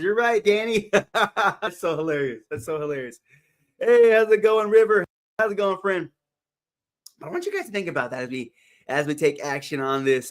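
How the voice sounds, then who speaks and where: Upbeat high-voiced man hosting a live stream. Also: a bit bright. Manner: upbeat, greets viewers by name, laughs often. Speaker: livestream motivational host. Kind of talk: live stream chat reading. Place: home livestream setup.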